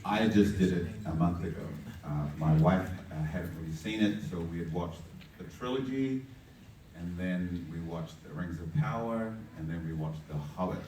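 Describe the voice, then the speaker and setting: A man's voice: low voice, moderate pace, mellow, slight background noise. A man on a film cast panel, chatting with dry, teasing humor. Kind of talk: panel chat. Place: large convention hall. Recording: echoey hall, distant mic.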